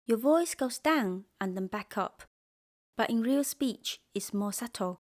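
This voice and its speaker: A woman teaching a pinyin lesson, speaking slowly and clearly and leading repeat-after-me drills. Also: a little high, animated, a little mellow. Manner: slow, clear, drills repetition. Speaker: Mandarin teacher. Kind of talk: scripted language lesson.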